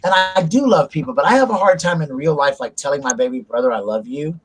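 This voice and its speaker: A middle-aged South Carolina man hosts a casual chat, rambling openly and confessionally about family and feelings. His voice sits on the high side and sounds husky, expressive and fast.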